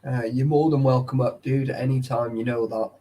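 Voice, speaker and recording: A man's voice: medium pitch, fairly even intonation, moderate pace, warm tone. A young man chatting casually with live viewers, tired and sleepy, swearing often and greeting chatters by name. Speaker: livestreamer.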